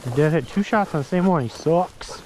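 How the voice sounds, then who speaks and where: A man's voice: fairly high pitch, expressive, normal speed, a little hiss or hum. Man coaxing his dogs in the woods. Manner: coaxing, calling out commands to dogs. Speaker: hunter filming his hunt. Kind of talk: casual talk to his hunting dogs. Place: outdoors in thick woods.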